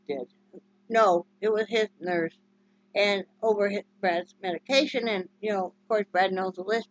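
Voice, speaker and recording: This vlogger, a sleep-deprived Wyoming woman, chats and rambles in her home video, frequently using affectionate baby talk with her dog. She speaks at a fairly low pitch. The recording is dry, with a dull lo-fi home quality.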